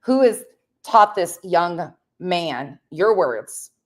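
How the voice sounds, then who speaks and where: A woman's voice: on the low side, animated, extremely slow, no echo. Blunt, sarcastic woman commentator. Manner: blunt, sarcastic, swears freely. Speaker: commentary channel host. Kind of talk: reaction commentary.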